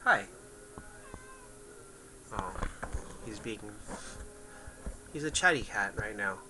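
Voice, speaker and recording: Very bright-voiced chatty male streamer. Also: fairly low pitch, sing-song, slow, poor audio. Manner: chatty, rambling, talks to chat and his cat. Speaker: game streamer. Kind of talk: casual livestream chat.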